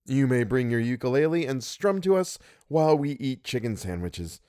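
A man's voice: mid-range voice, expressive, moderate pace, warm tone, no echo, pitched above the performer's own voice, natural voice. Man voicing a teasing young woman, wry and playful, storybook reading, dry close sound.

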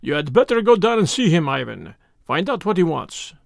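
A man's voice: fairly high pitch, sing-song, moderate pace, gravelly, dry recording, clean studio sound. A man doing a silky Russian schemer. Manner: soft, silky, turning hysterical.

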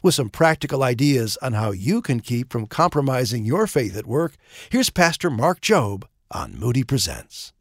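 A man announcing a radio program in a smooth, scripted delivery. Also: mid-range voice, sing-song, normal speed.

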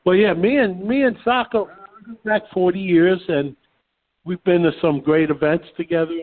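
A man's voice: high-pitched, normal speed. Brash man telling stories over a phone-like line. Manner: brash, animated storyteller. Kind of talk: casual storytelling. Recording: phone-like narrow sound.

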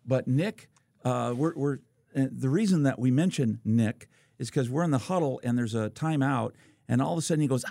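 Ex-quarterback co-host, sixties, gravelly, loose rambling storyteller. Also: male voice, mid-range voice, normal speed, mellow. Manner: rambling anecdotes with fillers. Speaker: podcast co-host, former quarterback. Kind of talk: casual storytelling chat.

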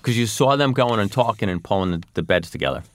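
A man guest in casual chat, talking in a relaxed, drawn-out way. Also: on the low side, no room sound.

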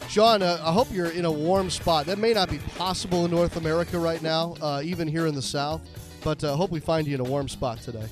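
A man with a slightly raised pitch hosts a sports talk show on the radio. He banters in a relaxed, friendly way, with faint music in the background. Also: fairly quick.

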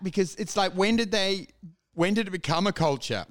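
High-voiced Australian man joking around. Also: expressive, normal speed, faint music behind. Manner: swears freely, laughs through his jokes, puts on mock voices. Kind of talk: casual comedic chat.

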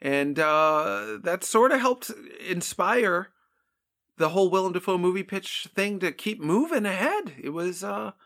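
A laid-back comedy podcast co-host, chatting casually and poking dry questions at the bit. The pitch moves a lot. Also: lively intonation, unhurried, a bit bright.

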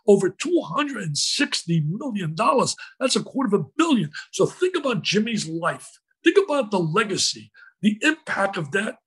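A man telling a story as an interview guest, in an animated, emotional way. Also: high voice, breathy edge, low-quality recording.

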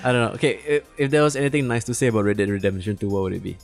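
A man's voice: fairly low pitch, racing, vocal fry, faint music behind. A man co-hosting a podcast in casual chat, rambling, swearing and laughing often. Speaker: podcast co-host.

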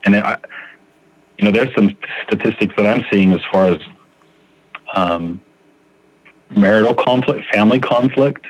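A man's voice: fairly low pitch, a little slow, pauses often, no room sound, highs cut off. A man sharing his recovery story on a podcast, speaking earnestly and restarting his sentences often as he thinks aloud. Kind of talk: reflective recovery podcast talk.

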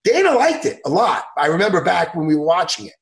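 A man hosting a podcast in casual chat, excitable and animated, laughing often and acting out what others said. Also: a little high, fast talker, creaky. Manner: animated, excitable, laughs a lot, acts out impressions loudly. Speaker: podcast host.

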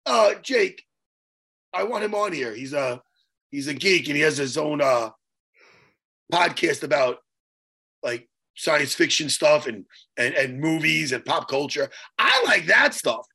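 A man co-hosting a podcast over a video call, talking animatedly and teasing, with loud bursts now and then. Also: on the high side, expressive, unhurried, creaky, husky. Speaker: podcast co-host. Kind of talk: casual chat.

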